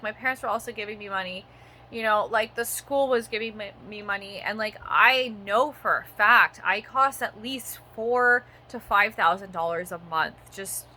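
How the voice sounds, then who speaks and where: Woman in her 30s from canada venting on her vlog, bright voice, swears a ton, rambles with lots of "like". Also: a little high. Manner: profane, rambling, frequent "like" fillers. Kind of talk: ranting vlog monologue.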